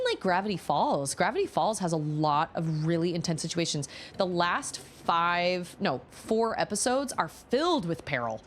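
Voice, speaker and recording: A woman in her thirties streams a video game, chatting casually and rambling from one thought to the next. Her voice is fairly low, with a faint hiss or hum.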